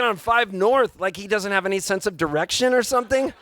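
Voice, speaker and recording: A man, a singer-songwriter, telling an animated story between songs at a live music venue and acting out the people in it. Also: high voice, brisk, dry recording. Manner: animated, excitable storyteller who acts out the people he quotes.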